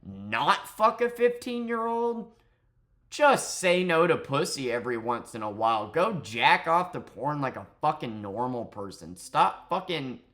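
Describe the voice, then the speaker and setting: A young man delivers a heated vlog rant at a middling pitch. He swears freely and turns sarcastic, mocking his target with scornful jabs. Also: animated, moderate pace, few pauses, fairly bright tone. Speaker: streamer and vlogger. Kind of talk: ranting commentary vlog.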